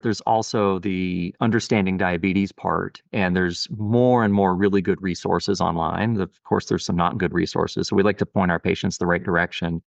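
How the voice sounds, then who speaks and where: A man's voice: low voice, fairly even intonation, moderate pace, gravelly, few pauses, no room sound, highs cut off. A middle-aged man, a pediatric endocrinologist, talking earnestly and thoughtfully in a podcast interview, often saying "you know". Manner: earnest, reflective, with many "you know" fillers.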